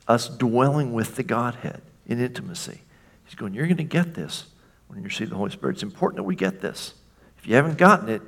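A man preaching a sermon to a congregation, chatty and informal, acting out the lines he quotes. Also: medium pitch. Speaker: pastor.

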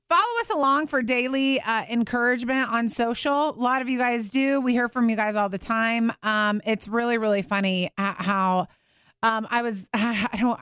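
A chatty woman in her thirties hosts a Christian talk show, her coming through as she laughs and talks animatedly. Her voice sits fairly high and sounds smooth and clear. The studio is dry, with no room sound. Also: fairly bright tone, no echo. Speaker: radio and podcast host. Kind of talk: casual faith talk.

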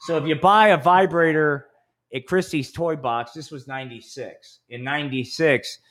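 A man's voice: fairly high pitch, normal speed, fairly bright tone. Profane rambling storyteller man. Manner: profane, rambling, acts out quotes in a raised voice. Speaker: podcast co-host. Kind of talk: casual storytelling.

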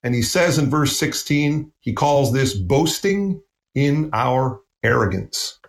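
A man's voice: mid-range voice, lively intonation, slow pace, creaky, echoey room. A man from the United States preaching a sermon in an earnest, emphatic way, repeating phrases for stress.

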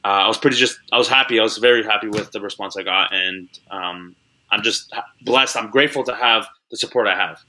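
Bright-voiced young man rambling casually. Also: on the low side, fairly quick, a little hiss or hum. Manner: rambling, many likes and restarts. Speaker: guest, online comedian. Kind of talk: casual interview chat.

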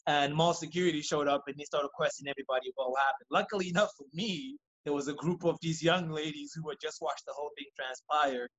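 A man, a podcast guest, telling a story in casual, profane, animated fashion and acting out what people said. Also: fairly high pitch, muffled recording. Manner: rapid, animated, profane, acts out quoted lines.

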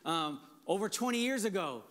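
High-voiced enthusiastic male pastor. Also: sing-song, normal speed, fairly bright tone. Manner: enthusiastic, conversational, with frequent restarts and fillers. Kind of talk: sermon.

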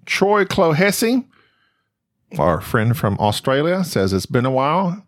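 A podcast co-host with a slightly high voice that swings up and down as he reads listener mail. He laughs easily and digs in when he argues. The sound is dry and close. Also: measured pace, no room sound. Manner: animated, argumentative, laughs often. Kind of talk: casual chat.

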